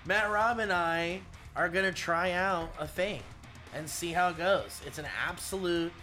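A man's voice: high-pitched, unhurried, pushed and bright, faint music behind. A male comedian co-hosting a podcast in laid-back, swearing, casual chat.

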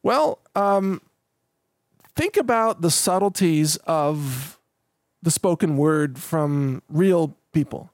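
A man hosts his own podcast in a loose, rambling monologue. He repeats words, breaks off mid-thought and chuckles between points, and his voice sits a little high. The recording is dry and close, with no room sound. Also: expressive, slow, dry recording. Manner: rambling, self-interrupting with repeated words and restarts. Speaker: podcast host. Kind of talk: casual solo podcast monologue.

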